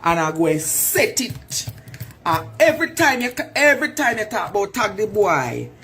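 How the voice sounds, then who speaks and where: A woman's voice: medium pitch, sing-song, moderate pace, fairly bright tone. A Jamaican woman in a taunting, preacher-like monologue, repeating her phrases for effect. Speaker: vlogger. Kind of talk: confrontational monologue.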